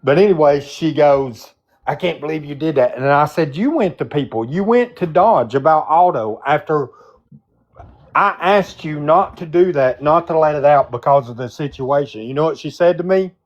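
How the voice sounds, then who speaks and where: A man joining a livestream, indignantly recounting an argument. His voice is a little higher than usual for a man, and his audio sounds dull and lo-fi. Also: moderate pace. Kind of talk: casual livestream chat.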